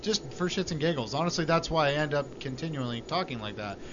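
A man with a somewhat high voice co-hosts a casual podcast, cursing freely as he tells animated stories. The sound is dull and lo-fi, with a faint hiss behind him. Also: fast. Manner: swears freely, animated storytelling. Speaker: podcast co-host. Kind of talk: casual chat.

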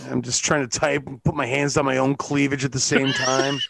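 A man's voice: medium pitch, little pitch movement, brisk, vocal fry, background noise. A man co-hosting a podcast over a video call, chatting casually and cracking jokes in a mock courtroom manner. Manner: jokey, slips into mock courtroom speech. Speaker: podcast co-host. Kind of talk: casual chat.

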